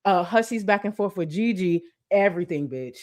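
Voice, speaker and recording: A woman YouTuber giving blunt, profane casual commentary who sometimes bursts into excited shouting. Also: fairly low pitch, normal speed.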